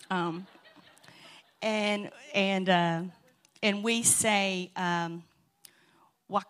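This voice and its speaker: Chatty woman telling church stories. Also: medium pitch. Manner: chatty and warm-hearted, laughing often. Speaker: church speaker. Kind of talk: casual church talk with funny stories. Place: church sanctuary.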